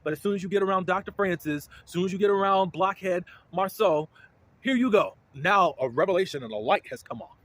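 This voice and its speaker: Guy ranting through a reality show recap, kinda high voice, blunt and worked up. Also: quick pace, few pauses, dry recording. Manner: blunt, indignant, animated reactions. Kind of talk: casual commentary.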